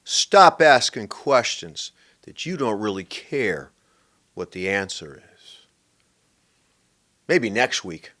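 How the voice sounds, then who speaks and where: A man's voice: lowish voice, sing-song, takes it slowly, long pauses, pushed and bright. A man hosting a solo podcast, ranting sarcastically and mimicking people in exaggerated voices, laughing often. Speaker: podcast host. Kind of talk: animated solo podcast rant.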